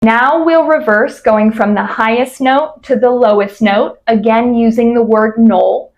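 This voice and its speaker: Female voice coach, clear instructional delivery, slightly high pitch. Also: a little slow, dull audio. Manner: clear, explanatory, demonstrates sung glides. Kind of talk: instructional voice exercise lesson.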